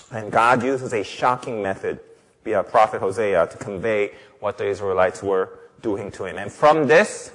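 A man's voice: fairly low pitch, husky. A male pastor preaching a sermon, emphatic, with rhetorical questions and repeated phrases. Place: church sanctuary. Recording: long reverb of a large hall.

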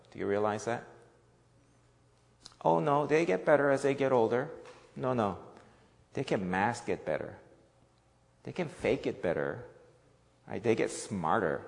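A man's voice: fairly low pitch, big-room sound. A man preaching a sermon in a conversational way, often checking in with "right?". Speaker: pastor.

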